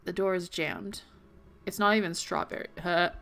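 A woman's voice: fairly low pitch, steady tone, moderate pace, vocal fry, a bit bright, faint music behind. A young woman giving let's play commentary, reading game text aloud and reacting with worried exclamations. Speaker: gaming video host.

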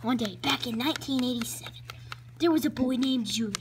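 A woman's voice: high-pitched, brisk, natural voice. A woman voicing a bratty, boastful young male koopa kid who taunts and bosses everyone around. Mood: bossy. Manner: taunting, bossy, gloating. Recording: noisy home video recording.

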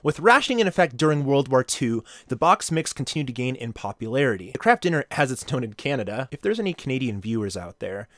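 A man's voice: medium pitch, big pitch swings, quick pace, hardly any pauses, a bit bright, dry recording. A young man vlogging casually, rambling through jokey asides as he browses the web.

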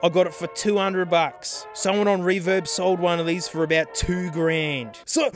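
Young aussie bloke vlogging about drum gear, high voice, gets worked up fast, soft music behind. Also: male voice. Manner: excitable, swings from low mutters to shouts. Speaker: drum channel host. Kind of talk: casual vlog talk.

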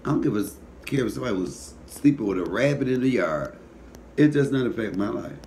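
A man's voice: mid-range voice, expressive, fairly quick, a little mellow, a little hiss or hum. A middle-aged man with a Detroit accent, a comedian hosting his cooking show, rambling sleepily with profane comic stories. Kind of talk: casual talk to camera.

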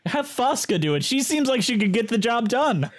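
Sex: man. Role: podcast co-host. Style: casual chat. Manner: enthusiastic, probing, with a lively, swooping pitch. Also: moderate pace. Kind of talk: casual chat about musicals.

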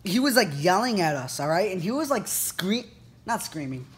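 A man's voice: sits high, sing-song, moderate pace, a bit bright. A teenage boy vlogging, retelling an incident in a rambling way full of fillers. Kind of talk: casual storytelling to camera.

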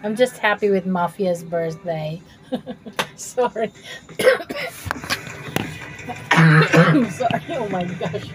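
A woman's voice: medium pitch, very animated, very slow, pauses often, over loud music, low-quality recording. A woman streaming a game from her room at home, chatting with viewers and laughing often. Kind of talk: live gameplay stream chat.

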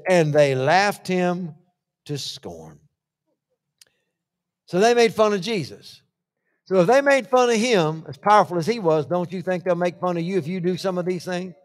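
A man preaching a sermon, swinging from hushed asides to shouted lists and acting out the voices he quotes. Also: sits high, moderate pace. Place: church hall. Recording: long church-hall reverb.

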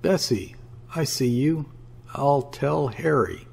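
A man voicing an old, eccentric father in an audiobook, speaking in measured tones that turn piercing. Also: on the low side, animated, gravelly, a little mellow, husky, exaggerated voice. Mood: crazed. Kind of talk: audiobook character reading.

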